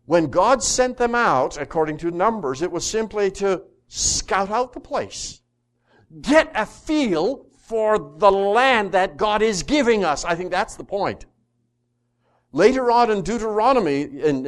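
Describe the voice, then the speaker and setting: A man with a high, slow voice leads a Bible study. He reads scripture aloud and puts questions to the class in a lively way.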